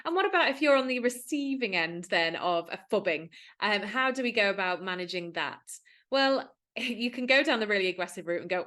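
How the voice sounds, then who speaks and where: A woman's voice: mid-range voice, lively intonation, fairly quick, fairly bright tone. A woman, a digital wellbeing coach, explaining in an earnest, conversational way and acting out quoted speech. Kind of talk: talking-to-camera explainer.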